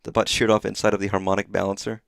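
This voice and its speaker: Male streamer, low voice, sleepy and rambling, profane, dry sound. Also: flat delivery, rapid-fire, vocal fry, clean tone, no echo. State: exhausted, sleepy. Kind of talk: live gameplay commentary.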